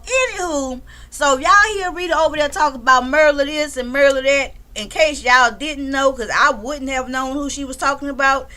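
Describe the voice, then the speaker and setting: This high-voiced woman streamer keeps up casual commentary on her livestream, chatting away, giving shout-outs to chat members and cursing without restraint.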